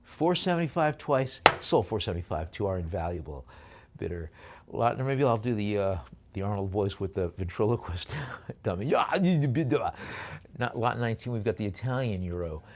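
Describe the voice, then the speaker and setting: A man's voice: on the low side, expressive, moderate pace, a little mellow, a little hiss or hum. A man working as an auctioneer, calling out bids at a live auction and slipping in jokey asides between lots.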